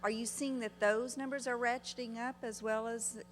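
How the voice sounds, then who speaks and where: A woman's voice: a little high, steady tone, moderate pace. A woman in the audience asking a careful, somewhat hesitant question, recorded in a hall with long reverb and a faint hum. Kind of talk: question from the floor.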